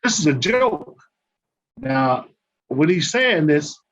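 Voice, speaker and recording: A man's voice: a little high, takes it slowly, long pauses. An older man, a podcast guest and former basketball player, telling casual stories and acting out the dialogue with laughter. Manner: animated, acts out quoted dialogue, laughs while telling. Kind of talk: casual anecdote storytelling. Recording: slightly muffled with faint background noise.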